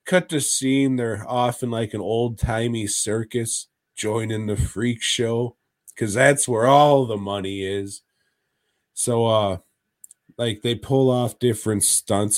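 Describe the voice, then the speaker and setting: A man's voice: on the low side, fairly even intonation, slow pace, no echo, studio quality. A man co-hosting a podcast, casually and profanely retelling a horror episode with jokes. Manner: profane, jokey storytelling. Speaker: podcast co-host.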